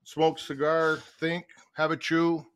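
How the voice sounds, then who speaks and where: A man's voice: on the high side, monotone, slow, clear, resonant tone, no echo. A middle-aged man chatting as a guest in a podcast studio, telling blunt stories and acting out the lines of the people in them. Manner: blunt storyteller acting out quotes. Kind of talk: casual chat. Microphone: studio mic.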